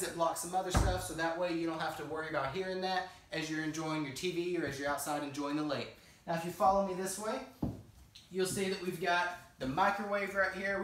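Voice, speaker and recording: Inside a small manufactured cottage, a man with a high, fairly bright voice gives viewers an enthusiastic sales tour, repeatedly calling them "guys." He's upbeat and salesy, and the low-quality recording is reverberant with a little hiss or hum.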